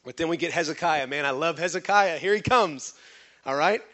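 A man with a high voice preaches a lively sermon. He keeps throwing questions to the congregation and waits for them to answer. Now and then he acts out other people's voices with sudden leaps in pitch. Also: fairly quick. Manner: animated preaching with call-and-response questions to the congregation. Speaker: pastor.

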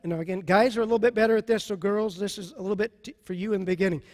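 A man with a high voice preaches to a congregation, pressing his points with emphasis and slow repetition. His voice rings out in a large hall with a long reverb tail. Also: darkish tone. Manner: emphatic, repeats key phrases slowly. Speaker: pastor. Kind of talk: sermon on marriage.

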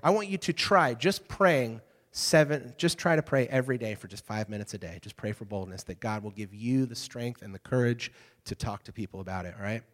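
A young adult man preaching a casual youth sermon, telling stories with lively, conversational check-ins to his listeners. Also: mid-range voice, brisk. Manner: conversational, animated storytelling with frequent "okay?" check-ins. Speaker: youth pastor. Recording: hall reverb.

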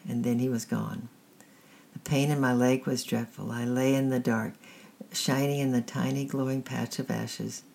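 Gravelly woman reading a story aloud. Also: a bass voice. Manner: steady, measured reading.

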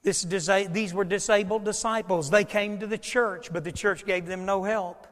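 A man with a high voice preaches to a congregation, his words trailing off into a long hall reverb. He swings from loud, emphatic declarations to hushed, quiet asides as he works through scripture. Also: steady tone, normal speed. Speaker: pastor. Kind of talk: sermon.

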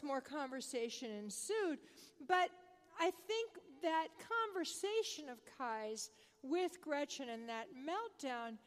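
A high-voiced older woman delivers a sermon as a lively, chatty story. Her voice carries a long reverb, as if from a large church hall. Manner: conversational, animated storyteller. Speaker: preacher.

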